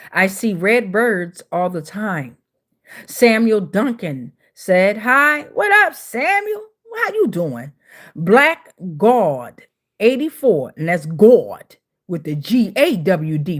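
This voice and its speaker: A woman's voice: a little high, a bit bright. A woman hosting a tarot livestream, reading out viewer comments in a slangy, playful, chatty way and greeting people by name.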